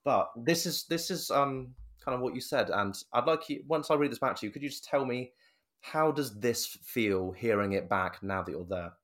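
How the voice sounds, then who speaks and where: A man's voice: mid-range voice, expressive, normal speed, a bit bright. A man hosting a casual podcast interview, speaking in a hesitant way with many restarts. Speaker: podcast host.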